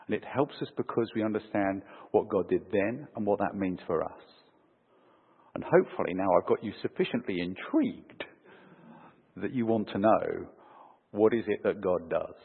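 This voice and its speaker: Preacher in a reverberant hall. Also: male voice, slightly rough. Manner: animated, rising for emphasis and dropping low to close points. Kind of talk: sermon with opening prayer. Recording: phone-like sound with long hall reverb.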